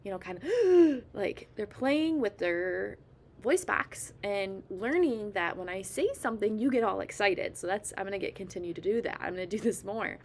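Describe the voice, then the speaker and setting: Animated woman modeling baby babble. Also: mid-range voice, normal speed. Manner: animated, demonstrates baby sounds playfully, frequent fillers. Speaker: speech therapist giving parenting tips. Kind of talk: casual instructional talk.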